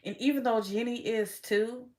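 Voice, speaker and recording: A woman's voice: on the high side, steady tone, normal speed, warm tone. Brief: woman tarot reader on a casual vlog, frank and chatty, with loose cursing and frequent laughter. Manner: chatty, frank, swears freely, laughs often.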